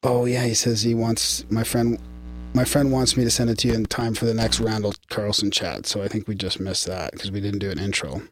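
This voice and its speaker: A man's voice: fairly low pitch, fairly even intonation, a little fast, slight background noise. A man with a Canadian accent co-hosting a podcast in casual, rambling chat, reading out listener mail and laughing easily. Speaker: podcast co-host.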